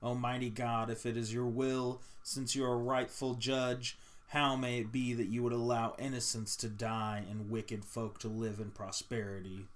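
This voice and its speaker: A man's voice: medium pitch, level tone, moderate pace, hardly any pauses, close to an everyday voice. A man voicing an anguished governor who is forced to obey a cruel royal order, speaking in a grave, lamenting way in a dramatized story reading.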